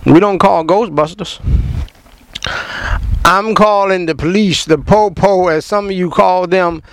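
A man delivers impassioned commentary in a gravelly voice that sits somewhat high. He talks in an emphatic, preachy way, hitting the listener with rhetorical questions and stacking repeated words as he builds up. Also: measured pace, rough recording. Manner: repeats words when fired up.

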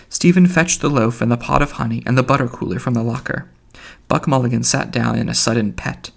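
A man reading literary fiction aloud as an audiobook, in a measured way with small slips. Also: medium pitch, vocal fry. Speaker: audiobook reader.

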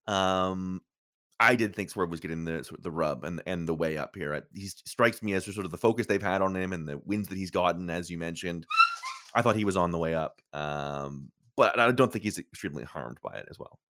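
A man with a low voice co-hosting a stream in casual chat. He speaks thoughtfully, circling back and restarting before landing his point. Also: brisk, a bit bright. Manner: hesitant, many fillers and restarts, thoughtful. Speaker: co-host of a wrestling review stream.

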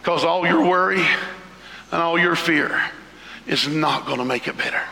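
A man preaching a sermon as pastor, fervent, shouting out lists and leaping up in pitch. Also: moderate pace, creaky. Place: church sanctuary. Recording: echoey hall.

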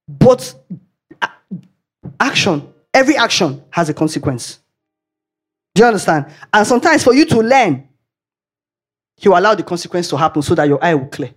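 A woman's voice: lowish voice, very animated, moderate pace, pauses often, slightly rough, soft background music. A woman with a Nigerian accent preaching a sermon, telling chatty anecdotes and laughing along the way. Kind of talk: storytelling sermon.

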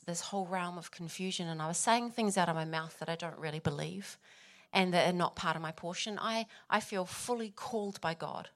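Emotional New woman giving testimony. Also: fairly low pitch. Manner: emotional, laughing between phrases. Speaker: pastor's wife. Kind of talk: personal testimony.

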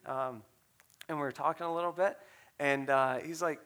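Bright-voiced man preaching a story. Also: fairly high pitch, a little fast. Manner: conversational storytelling, animated, with fillers. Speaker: pastor. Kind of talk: sermon.

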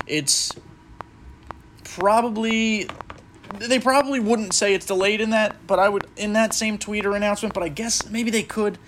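Male host, casual gaming chat, slightly higher voice, rambling with lots of fillers, light hiss behind. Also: gravelly, a bit bright. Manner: rambling, self-interrupting, with frequent fillers. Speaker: podcast host playing a baseball video game. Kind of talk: casual gaming commentary and speculation.

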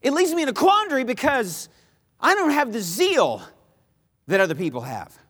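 A male preacher with a high voice delivers a sermon in an emphatic, repetitive way. His pitch rises and falls widely as he shifts from loud appeals to hushed lines. The long reverb of a large hall trails after every phrase. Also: sing-song, moderate pace.

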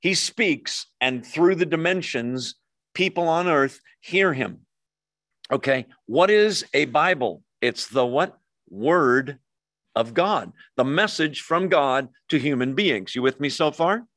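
Speaking slowly in a slightly high voice, this male pastor works through scripture verse by verse in an expressive sermon. He keeps asking his listeners questions, and the audio carries no room sound.

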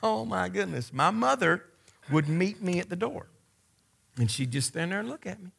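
Animated preacher man, slightly high voice. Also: moderate pace, vocal fry, slightly rough. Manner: conversational, emphatic preaching that addresses the congregation directly. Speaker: pastor. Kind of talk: sermon.

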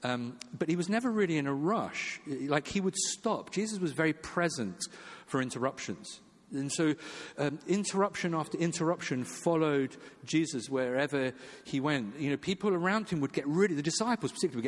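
Chatty preacher in a big reverberant hall. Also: male voice, animated, moderate pace. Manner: conversational with frequent fillers and restarts; acts out quoted voices with jumps in pitch. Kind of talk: sermon.

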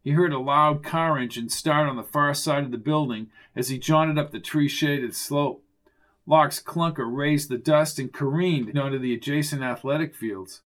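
A man reading a mystery novel aloud in steady, descriptive scripted narration. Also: a little high, moderate pace. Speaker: audiobook narrator.

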